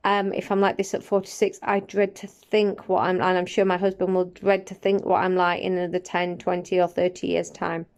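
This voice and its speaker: A woman in her forties talking casually and reflectively to camera, often pausing and restarting her sentences. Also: lowish voice, level tone, a little mellow. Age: 40s. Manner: reflective, with frequent restarts and hesitations. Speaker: vlogger. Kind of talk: casual personal vlog.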